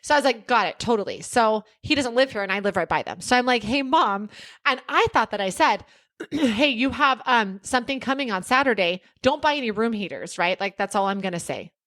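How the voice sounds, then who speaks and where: A woman with a fairly high voice tells a story at a chatty podcast pace. She gets animated and laughs easily as she acts out the back-and-forth. It is a relaxed, casual conversation between co-hosts. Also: brisk. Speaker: podcast co-host. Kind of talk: casual chat.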